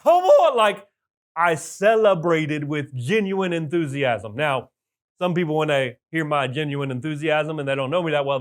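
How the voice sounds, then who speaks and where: A man giving a motivational talk to business owners, energetic with loud bursts of enthusiasm and emphatic repetition. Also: high voice. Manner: emphatic repetition of key points. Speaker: business coach.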